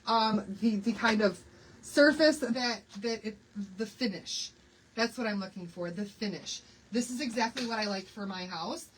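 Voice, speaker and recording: A woman's voice: a little high, moderate pace, breathy edge, low-quality recording. A woman in her sixties hosting a live craft stream, chatty and bubbly, laughing often and greeting viewers by name. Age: 60s. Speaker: craft livestream host.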